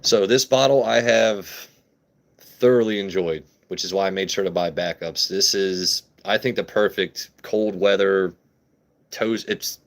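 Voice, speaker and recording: A man's voice: low voice, unhurried. Crude joking whiskey-stream host, a man. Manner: crude, joking, talks back to chat. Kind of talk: casual livestream chat.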